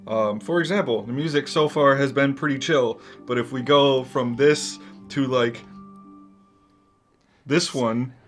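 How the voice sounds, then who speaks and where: Guy co-host pushing his point hard, swears a bit, mid pitch, soft music playing. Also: measured pace. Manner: emphatic, swears for stress, chuckles. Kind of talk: casual chat.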